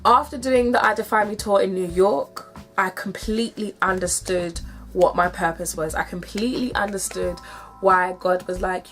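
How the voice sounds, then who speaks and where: A woman's voice: medium pitch, moderate pace, a bit bright. Emphatic woman vlogger, faint music behind. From United Kingdom. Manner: emphatic, repetitive, emotional. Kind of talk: direct-to-camera vlog.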